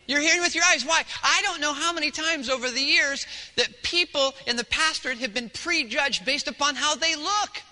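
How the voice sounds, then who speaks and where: High, bright-voiced preacher in a reverberant hall. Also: male voice, moderate pace. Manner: animated storyteller swinging from hushed to loud. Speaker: pastor. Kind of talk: sermon. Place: church service.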